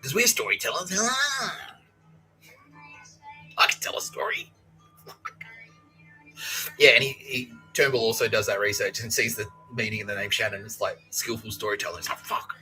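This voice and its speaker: A man's voice: medium pitch, lively intonation, normal speed, long pauses, sharp tone, faint music behind, low-quality recording. A man hosting a podcast, talking in a profane, laughing, rambling monologue. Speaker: podcast host.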